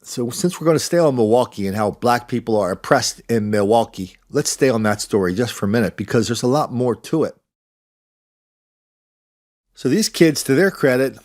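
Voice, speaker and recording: A man's voice: mid-range voice, a little mellow. Sarcastic older man hosting a podcast. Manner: sarcastic storytelling with mocking impressions. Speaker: podcast host. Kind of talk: commentary monologue.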